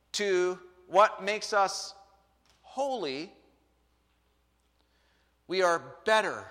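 In a church sanctuary with reverberant hall acoustics, a male pastor with a high, bright, forceful voice preaches a conversational sermon full of joking asides. Afterward he interviews a guest.

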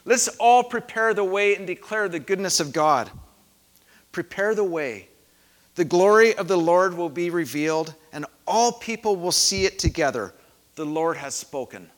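A man preaching a sermon in a church, calm and reflective, dropping soft and then leading the congregation in loud shouted responses. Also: sits high, normal speed. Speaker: pastor. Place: church sanctuary. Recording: echoey hall.

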